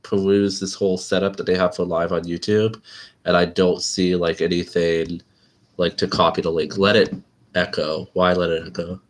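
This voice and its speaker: A man's voice: low-pitched, level tone, moderate pace. A man hosting his own channel, chatting casually and rambling on a live stream and laughing often.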